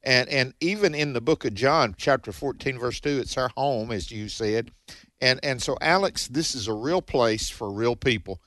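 A man's voice: medium pitch, moderate pace, a bit bright, dry recording. A man co-hosting a radio Bible discussion, speaking emphatically and often restarting his phrases. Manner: emphatic, repeats words when starting phrases. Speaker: radio co-host.

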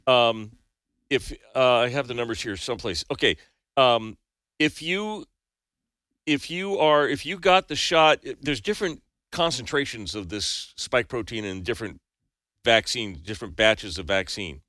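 A man's voice: medium pitch, a little slow, bright, forceful tone, dry recording, studio quality. A man co-hosting a casual talk show, chatty and joking, with many restarts as he tells stories and reads out news. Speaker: news segment host.

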